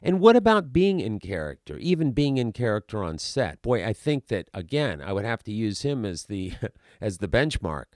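A man's voice: fairly low pitch, very animated, normal speed, a little mellow, no room sound, clean studio sound. A man who works as an actor, talking in a casual, rambling monologue full of restarts and asides.

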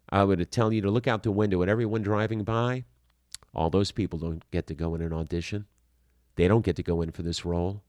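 Deep-voiced blunt acting coach, man. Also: no room sound, clean studio sound. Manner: blunt, animated, scolding and encouraging; casual, slightly profane wording. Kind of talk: instructional talk to camera.

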